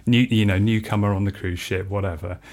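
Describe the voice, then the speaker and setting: Lively man telling stories. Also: lowish voice, brisk. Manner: animated storyteller who acts out quotes and laughs often. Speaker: freelance composer and musician, podcast guest. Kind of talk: casual interview storytelling.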